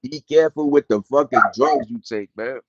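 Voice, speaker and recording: A man's voice: mid-range voice, moderate pace, a little mellow, dry recording. Middle-aged male streamer, slangy and easygoing; dull, dry lo-fi sound. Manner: slangy, loose storytelling, greets chat viewers between stories. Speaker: livestream host. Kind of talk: casual livestream chat.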